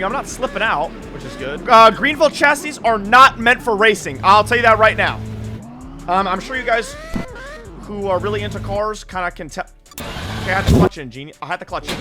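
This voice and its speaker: A young man giving excited gameplay commentary as a gaming creator, blurting loud exclamations. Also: high-pitched. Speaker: gaming YouTuber. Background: game music.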